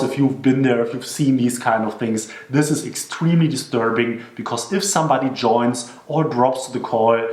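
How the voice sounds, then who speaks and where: A man presenting workplace etiquette tips in an earnest instructional manner, slowing down to repeat his key advice. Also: medium pitch, darkish tone. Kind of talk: instructional talk to camera. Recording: echoey room.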